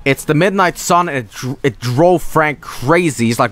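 A man's voice: fairly high pitch, moderate pace. A man from Sweden, casually commentating a video game, joking, swearing and putting on silly voices. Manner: jokey, profane, animated, puts on silly voices. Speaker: streamer.

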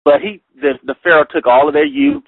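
A middle-aged man leads a Bible study, telling personal stories with a lively, swooping pitch. He slows down and takes care when reading scripture aloud. The sound is thin and phone-like, with no room echo at all. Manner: animated storyteller, reads scripture slowly and carefully. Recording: tinny phone line, dry.

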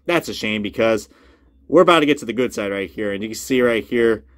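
A man casually reviewing a collectible model car, chatty and swearing freely, often jumping into loud disbelief. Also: fairly low pitch, expressive, brisk, no echo, clean studio sound. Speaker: diecast reviewer.

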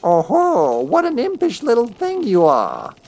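A man voicing a wizened, ancient old crone who is sly and knowing, in a high cackling old woman's voice. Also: wildly swooping pitch, unhurried, a little mellow, heavily acted.

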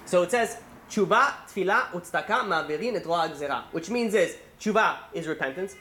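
A man, a rabbi, giving a holiday sermon, telling a story in a quick, rambling way full of restarts and fillers. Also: high voice, expressive, bright, forceful tone.

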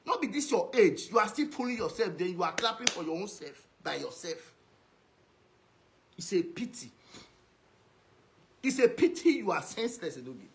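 A man with a high-pitched voice and a Nigerian Pidgin accent, ranting straight at someone in a video message. He scolds and insults, hammering the same put-downs again and again. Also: sing-song, moderate pace, pauses often, slight background noise. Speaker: social media commentator.

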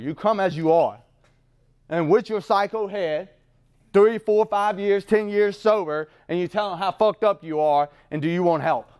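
His voice is high yet darkish, clear and resonant, delivered at a moderate pace. The middle-aged man addresses a recovery meeting with rambling, blunt, profane talk, swearing freely and laughing at himself.

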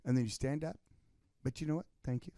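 A man's voice: mid-range voice, fast, no echo, studio quality. A man co-hosting a casual business podcast, telling stories and acting out the people in them. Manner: animated storyteller, acts out quoted people. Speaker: podcast co-host.

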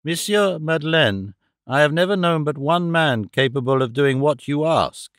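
A man reading the part of a stern police inspector who speaks deliberately, stressing each word. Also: a little high, lively intonation, a bit bright, dry recording, clean studio sound. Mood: cold. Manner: deliberate, emphatic. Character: stern male police inspector, cold and watchful.

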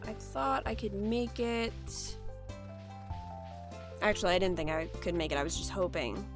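A woman's voice: medium pitch, lively intonation, measured pace, music in the background. A woman casually narrating her gameplay, chatting and exclaiming at the characters on screen. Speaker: let's play gamer.

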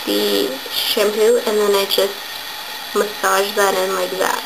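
A woman's voice: medium pitch, little pitch movement, takes it slowly, background noise. Chatty young woman with a stuffy nose. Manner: chatty, rambling, many "um" and "like" fillers. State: stuffy, nasal from a cold. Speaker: beauty vlogger. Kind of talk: casual makeup tutorial.

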